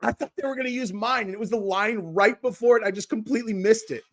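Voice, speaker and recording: A man hosts a livestream with a slightly high-pitched voice. He talks in a loose, rambling way, swears constantly and gets excitable. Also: fast. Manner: profane, rambling and excitable, with many restarts. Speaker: livestream host. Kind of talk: casual livestream chat.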